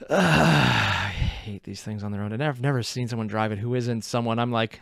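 A man's voice: mid-range voice, normal speed, vocal fry, no echo. A man hosting a casual reaction video, joking and sarcastic as he comments. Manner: animated, sarcastic asides, laughs at own jokes. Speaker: reaction channel host.

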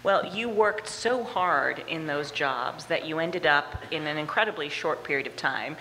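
Low, bright-voiced woman interviewer. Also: measured pace. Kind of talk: on-stage interview questions. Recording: reverberant hall with faint background noise.

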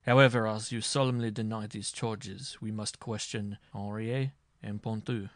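Man doing a calm, stern judge. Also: fairly low pitch, no echo, clean studio sound, natural voice. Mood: ominous calm. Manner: calm, ominous, measured.

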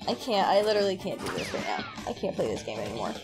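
A woman streaming a video game, talking casually to her viewers, with frequent loud outbursts and a lot of swearing. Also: fairly low pitch, very animated, fast, over music. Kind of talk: casual let's-play commentary.

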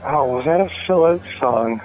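A man's voice: medium pitch, expressive, moderate pace. A man talking casually about his music as an interview guest, rambling with many fillers and restarts. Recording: tinny phone line.

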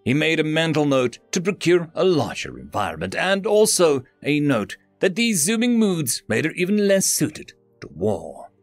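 A man narrating a science fiction story in an expressive, dramatic style. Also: a little high, moderate pace, few pauses, dry recording, soft background music.

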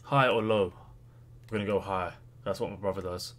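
A young man giving chatty, slangy gameplay commentary as a gaming YouTuber, excitable and given to sudden loud outbursts. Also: deep voice, normal speed.

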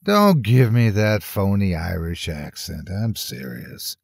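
A weary veteran detective close to retirement, voiced by a male narrator, tired and earnest in a horror story reading. His pitch still moves in lively swings. The sound is dry and close. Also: takes it slowly, vocal fry, husky, no echo, exaggerated voice.

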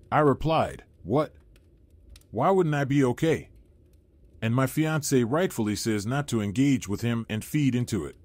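A man reading a first-person horror story aloud in a steady, low-key manner. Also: dry recording. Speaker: narrator.

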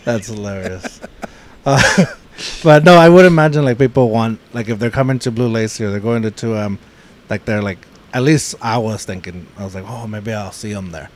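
A man's voice: on the low side, normal speed. A man hosting a podcast in a casual chat, laughing often and talking with many fillers and restarts. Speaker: podcast host.

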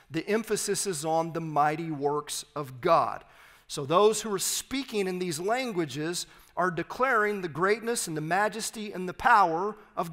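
A pastor with a Texan accent and a high, fairly bright voice preaches an emphatic teaching sermon sprinkled with humorous asides. The church sanctuary gives the recording a long hall reverb.

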